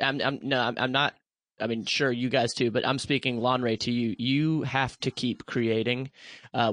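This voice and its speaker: An American man co-hosts a podcast in a casual, earnest way. He encourages warmly and often doubles back on his words. The sound is dry and close. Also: mid-range voice, no echo. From United States. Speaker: podcast co-host.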